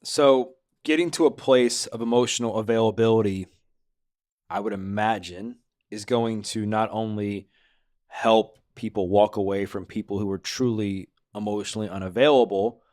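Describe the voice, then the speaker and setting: A man with a lowish voice hosts a podcast interview. His questions run long and wander before landing. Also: steady tone, moderate pace, darkish tone. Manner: rambling, searching questions. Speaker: podcast host.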